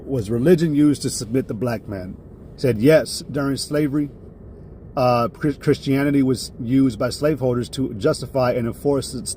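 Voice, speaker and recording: A man's voice: mid-range voice, a little hiss or hum. A man teaching a live-streamed religious lesson in a heated, profane way. He keeps checking in with "all right?" and flares up before reining himself in. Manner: flares up loudly, then reins himself in.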